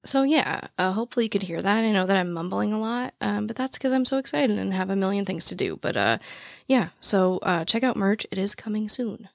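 A young woman hosting a podcast in casual chat, with a naturally raspy voice, talking very fast and out of breath. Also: mid-range voice, animated, dry recording, studio quality. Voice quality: naturally raspy voice with vocal fry. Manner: talks very fast, breathless and rambling. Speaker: true crime podcast host. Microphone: podcast mic, standing while recording.

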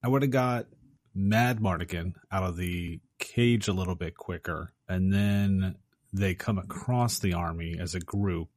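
A man's voice: low voice, a little slow, darkish tone. A man in a casual film discussion, giving his opinion bluntly. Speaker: podcast co-host.

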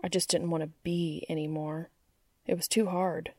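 A woman's voice: fairly low pitch, little pitch movement, moderate pace, darkish tone, no room sound, studio quality, natural voice. A woman reading the lines of a troubled, guarded man who halts and pushes through a raw confession. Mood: confessional.

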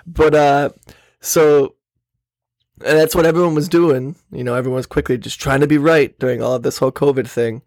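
A man's voice: fairly high pitch, fairly quick, no room sound, studio quality. A man co-hosting a podcast, joking and rambling in a casual chat. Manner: joking, rambling, laughs often. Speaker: podcast co-host.

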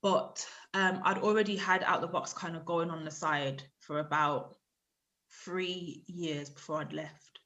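A woman in her thirties with a lowish voice tells her story as a guest on a podcast. She talks casually and with lots of life, acting out what other people said and laughing often. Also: fairly even intonation, unhurried, a bit bright. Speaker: podcast guest, writer and journalist.

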